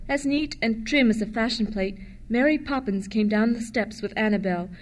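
Lady reading a kids' story out loud, gentle and expressive, kinda high voice. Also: moderate pace.

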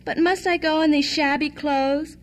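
A poor young servant girl in a storybook fairy tale, soft and pleading, read by a woman. Her voice is high and light. She speaks gently throughout. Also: steady tone, normal speed, natural voice. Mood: timid.

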